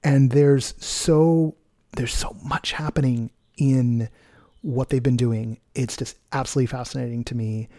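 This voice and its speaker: Give me a male podcast host with a warm, dark tone and an energetic, quick delivery. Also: medium pitch. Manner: energetic, quick bursts with restarts. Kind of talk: casual podcast talk and sponsor plugs.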